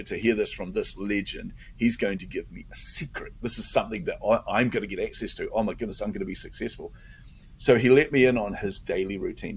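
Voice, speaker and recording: Gravelly middle-aged man telling a story. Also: lowish voice. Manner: animated, acts out his own inner voice. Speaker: podcast host telling a story as a guest. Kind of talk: casual storytelling in an interview.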